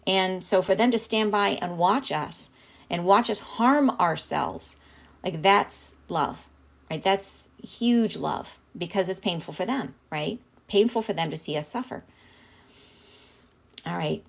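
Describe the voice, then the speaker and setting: Speaking slowly in a lowish, gravelly voice, a middle-aged woman reads channeled messages on her live stream and talks them through with heartfelt casualness, often tossing in "right?". Tears come, and she laughs through them.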